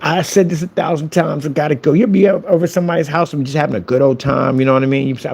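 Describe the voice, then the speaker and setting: A man's voice: fairly high pitch, steady tone, fast talker, gravelly, darkish tone, breathy edge. A man vlogging a casual, boastful rant to camera, taunting his critics and repeating phrases for effect. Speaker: business owner and vlogger.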